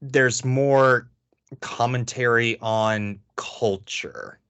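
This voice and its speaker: A man's voice: mid-range voice, drawn-out words, smooth, no room sound, highs cut off. Rambling casual man, dry close mic. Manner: rambling, filler-heavy, animated asides. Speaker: podcast co-host. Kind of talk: casual chat.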